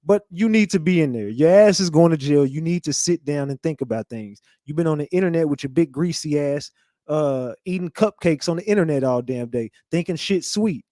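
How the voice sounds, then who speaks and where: Blunt, taunting commentary host. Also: male voice, on the high side, expressive, a little fast, warm tone, no echo, studio quality. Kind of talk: mocking commentary.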